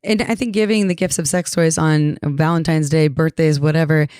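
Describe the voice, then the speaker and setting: A woman co-hosting a podcast in casual chat, upbeat and quick to agree, her voice a bit strained. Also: low-pitched, fairly even intonation, darkish tone, clean tone, no echo, clean studio sound. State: slightly strained voice. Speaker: podcast co-host.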